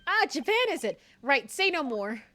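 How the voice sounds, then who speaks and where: A boisterous Victorian Irishman with a thick mock Irish brogue, folksy and open-handed, as a woman streamer puts him on. The voice swoops high and bright in a sing-song lilt, hammy and exaggerated, with faint game music underneath. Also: big pitch swings, moderate pace, slight background noise, heavily acted. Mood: jovial. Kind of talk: reading game dialogue aloud.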